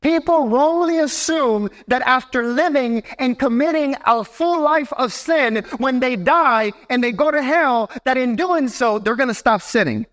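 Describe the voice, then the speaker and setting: A young man preaching a sermon as pastor in a church, animated and talking straight to his congregation. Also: very high voice, measured pace, few pauses. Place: church sanctuary.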